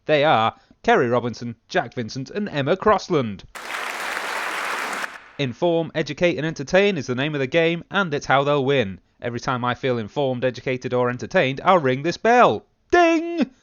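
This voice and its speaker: A man hosting a comedy panel podcast, reading scripted links in a wry, deadpan way. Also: mid-range voice, moderate pace, lo-fi sound, a faint crowd. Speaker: host.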